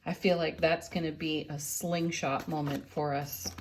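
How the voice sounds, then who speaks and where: A middle-aged woman reads tarot cards for her viewers at a slow, unhurried pace. Her voice sits a little low and stays gentle, with soft laughs between cards. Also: steady tone, a little hiss or hum. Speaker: tarot reader and channel host. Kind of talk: daily tarot card reading.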